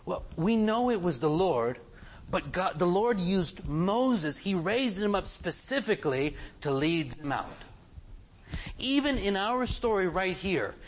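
A man's voice: high voice, a little slow, slight background noise. A man preaching a sermon, asking his listeners question after question. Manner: animated, asks the congregation many questions.

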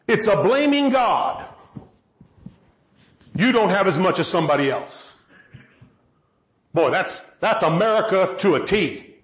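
Man preaching, conversational sermon, high voice, lots of pitch swing, echoey and dull. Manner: conversational, self-deprecating, asks the congregation questions. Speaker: pastor. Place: large room with a congregation. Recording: roomy, dull sound.

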